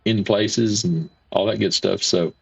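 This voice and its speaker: A man's voice: on the low side, unhurried, gravelly, slightly rough. A man, hosting a casual livestream, rambling folksy chat while reading viewer comments. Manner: rambling, folksy, repeats himself. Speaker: livestream host. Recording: dull lo-fi stream audio.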